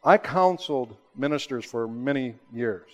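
A man preaching a sermon, rising to emphatic high peaks and then dropping to slow, hushed, low lines. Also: animated. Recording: long hall reverb.

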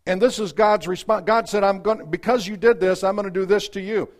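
A high-voiced man preaches at a fairly quick clip, reading scripture aloud and performing its different voices. He swings between loud outbursts and hushed asides.

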